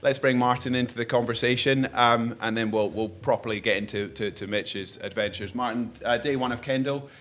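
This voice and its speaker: A man hosting a live podcast conversation, talking quickly with many restarts and rambling asides. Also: mid-range voice, steady tone, fairly bright tone. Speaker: podcast host. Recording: faint ambient noise, live event.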